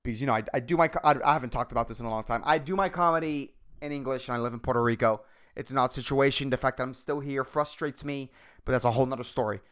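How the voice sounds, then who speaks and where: A man hosting a comedy podcast on his own, talking in a loud, goofy, aggressive way and swearing freely. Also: mid-range voice, fast, clear, resonant tone. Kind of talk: casual solo podcast talk.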